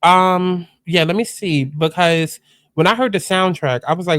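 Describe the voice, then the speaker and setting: A man's voice: high-pitched, normal speed, fairly bright tone, dry recording, clean studio sound. A man hosting a casual reaction commentary, chatty and exclamatory as he talks straight to his viewers. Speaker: host.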